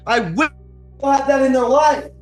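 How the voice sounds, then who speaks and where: An extremely high-pitched man at a moderate pace gives an earnest, emotional motivational talk to a crowd in a large room, repeating his lines for emphasis. The audio is roomy and taken from a distance, with faint music behind.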